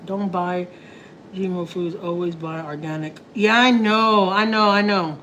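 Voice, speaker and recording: A woman's voice: fairly low pitch, fairly even intonation, measured pace, lo-fi sound, noisy background. Chatty Texan woman cooking on camera. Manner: chatty, slangy, laughing asides. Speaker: family vlogger. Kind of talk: casual live cooking chat. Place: home kitchen.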